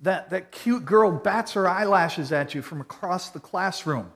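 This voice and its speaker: A man preaching a sermon in an earnest, conversational way, swinging from loud emphasis to quiet. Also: sits high, unhurried, creaky, hardly any pauses. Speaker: pastor.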